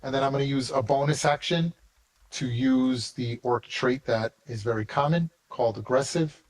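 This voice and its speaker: A man's voice: medium pitch, normal speed, rough recording. A man narrating and running a tabletop game as game master, talking casually with many restarts.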